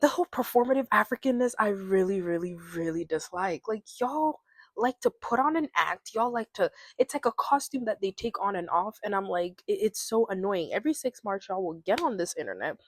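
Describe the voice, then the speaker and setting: A woman's voice: mid-range voice, expressive, fairly quick, no echo, clean studio sound. A young woman from Ghana, recording a casual solo rant, opinionated and sarcastic. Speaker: podcast host.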